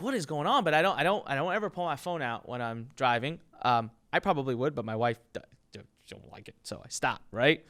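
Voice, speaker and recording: A man, an entrepreneur, giving an emphatic and energetic motivational talk with business advice, telling stories and acting out what people said. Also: a little high. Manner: emphatic and energetic, acts out quotes.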